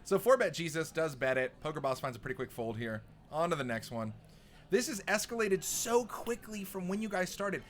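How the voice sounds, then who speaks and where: A man's voice: a little high, normal speed. A man doing live poker commentary from a booth, breaking down hands and trading jokes with his co-hosts. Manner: animated, joking banter.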